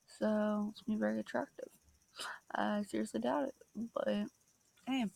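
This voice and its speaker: A young woman chatting through a makeup tutorial, joking at her own expense and slipping into soft asides. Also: medium pitch, steady tone, a little slow, vocal fry, pauses often, slight background noise. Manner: chatty, self-mocking, drifting into soft asides. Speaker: makeup vlogger.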